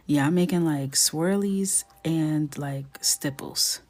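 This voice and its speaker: A woman chatting casually on a live stream as she colors, greeting viewers by name, often dropping to a soft near-whisper. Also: sits low, normal speed, breathy edge, faint music behind.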